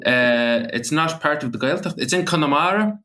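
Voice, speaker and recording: A man's voice: a little high, lively intonation, normal speed, sharp tone. A man from the Aran Islands with an Irish accent, a native Irish speaker, talking casually as an interview guest in a rambling, anecdotal way with many fillers and restarts. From Aran Islands, Ireland.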